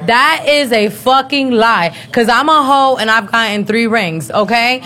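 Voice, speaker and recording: A woman in her thirties talking in a casual chat, blunt, profane and quick to laugh. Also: on the high side, bright, forceful tone. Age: 30s.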